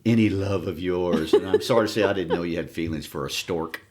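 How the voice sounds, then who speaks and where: A man's voice: low voice, brisk, darkish tone. A man co-hosting a podcast in casual chat, with dry, joking replies. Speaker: podcast co-host.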